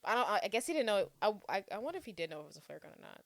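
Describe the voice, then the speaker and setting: A woman co-hosting a podcast, chatting casually about a film, animated, laughing often and breaking into song. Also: mid-range voice, rapid-fire, creaky, no room sound. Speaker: podcast co-host. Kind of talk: casual movie discussion.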